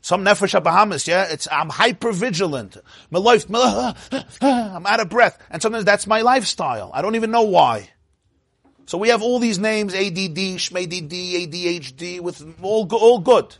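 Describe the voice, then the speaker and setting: Male rabbi-teacher, a bit high and husky, loose conversational lecturing with frequent laughs, dry sound. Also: expressive, moderate pace, a bit bright, dry recording. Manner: chatty, digressive, laughs often, quizzes listeners. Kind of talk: informal Torah class lecture.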